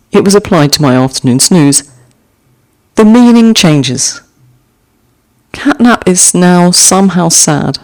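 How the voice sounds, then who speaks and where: Woman, podcast host, unhurried delivery, reads haiku and comments on them, each poem read twice. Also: on the low side, darkish tone. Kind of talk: reading and discussing haiku.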